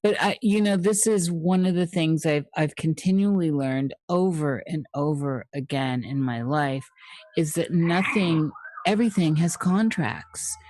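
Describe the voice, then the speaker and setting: A woman hosting an interview, speaking in a thoughtful, soft way that trails off. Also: low-pitched, unhurried, no echo. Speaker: host. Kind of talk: reflective interview talk.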